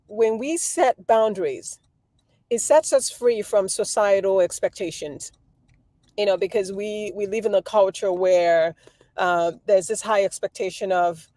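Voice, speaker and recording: A woman in her thirties, a guest, explaining calmly and giving everyday examples. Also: mid-range voice, no room sound. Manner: measured, gives examples, repeats words. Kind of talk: explanatory talk.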